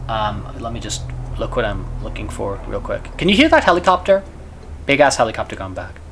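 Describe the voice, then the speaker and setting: A man's voice: on the low side, big pitch swings, a little fast, creaky, fairly bright tone, a little hiss or hum. A man chatting casually to viewers on a live stream, rambling and stammering with lots of repeated words. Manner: chats with viewers between game moments.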